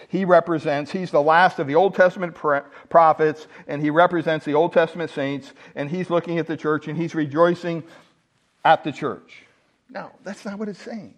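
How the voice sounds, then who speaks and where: A male pastor delivers a sermon, his voice sitting a little higher than most men's. He leans hard on key words and keeps asking the congregation questions. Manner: emphatic preaching, rhetorical questions to the congregation.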